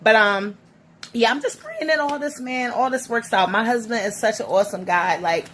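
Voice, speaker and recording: A woman's voice: a little high, animated, normal speed, a bit bright, a little hiss or hum. Teary woman in a casual vlog. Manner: emotional, rambling, many restarts. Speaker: vlogger.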